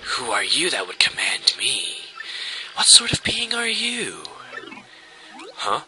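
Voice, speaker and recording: A man's voice: medium pitch, wildly swooping pitch, takes it slowly, sharp tone, soft background music, voice pushed up, heavily acted, rough recording. A man voicing a proud, scheming male villain leader in an indignant, clipped tone.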